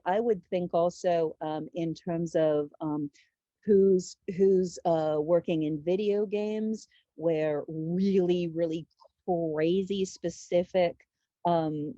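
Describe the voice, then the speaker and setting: Female panel host; chatty, thinks out loud, lower warm voice, dull dry audio. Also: no room sound. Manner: chatty, thinks aloud with restarts. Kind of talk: hosting a panel discussion.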